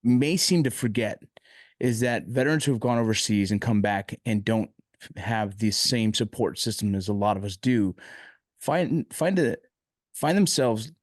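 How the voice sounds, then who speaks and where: A man's voice: on the low side, no echo, clean studio sound. A man hosting an interview podcast, speaking with emotion and frustration and often stopping and restarting. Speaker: podcast host.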